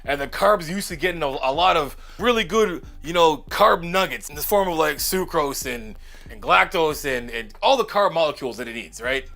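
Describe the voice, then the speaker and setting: High-voiced casual male fitness coach. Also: lively intonation, normal speed, vocal fry, bright, forceful tone. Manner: casual, slangy, keeps adding "right?". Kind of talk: casual explainer video.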